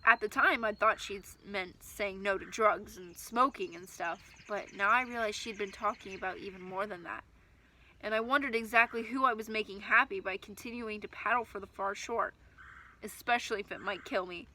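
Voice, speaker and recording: A woman reading a first-person children's story aloud, with expressive, lively storytelling. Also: medium pitch, normal speed.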